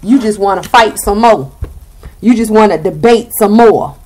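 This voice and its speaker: A woman's voice: medium pitch, moderate pace, a little mellow. A young woman with a Southern US accent giving a blunt, sassy tarot reading and swearing freely. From Southern United States. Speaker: tarot reader.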